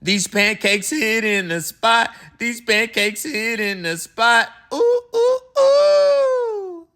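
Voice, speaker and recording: A man's voice: slow, sharp tone, clean tone, full character voice. A man playing a hooting Curious George. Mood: excited hooting. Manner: cocky slangy chatter and high monkey hoots. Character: playful curious little male monkey.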